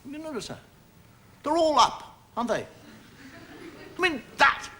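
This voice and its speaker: A man delivers a stand-up monologue in a high, very lively voice that rises and falls all over the place. He chats with the audience in a playful way and acts out the gestures he is describing. Steady background noise and small clicks run under the recording. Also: unhurried. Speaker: comedian.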